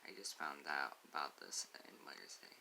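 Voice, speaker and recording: A young man hosting his own channel, reading a news article aloud in a casual, halting way with frequent restarts. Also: very deep voice, very animated, vocal fry, bright, forceful tone, a little hiss or hum, low-quality recording. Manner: halting, stumbles and restarts on words.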